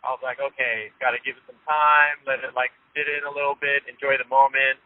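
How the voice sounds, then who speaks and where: A man's voice: mid-range voice, flat delivery, fairly quick, dry recording. A man telling a story in casual chat, laughing often and acting out the people he quotes. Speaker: interview guest. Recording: tinny phone line.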